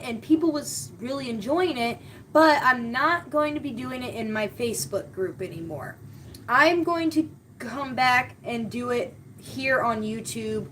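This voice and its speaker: A woman's voice: high voice, slight background noise. A woman hosting a spiritual live stream, talking casually and heartfelt, often repeating her key words.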